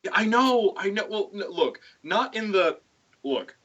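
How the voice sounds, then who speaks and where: A man with a bright, slightly high voice chats on his stream with animated, storytelling energy. He swings his pitch upward whenever he acts out what someone says. The audio is dull and lo-fi. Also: unhurried, slightly rough. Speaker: stream host. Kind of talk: casual chat.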